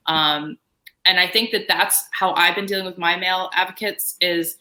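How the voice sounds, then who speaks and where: A woman speaking on a panel, telling animated stories about her security work. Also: on the low side, moderate pace. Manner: animated storytelling, quoting herself and others. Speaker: guest panelist. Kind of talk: panel discussion.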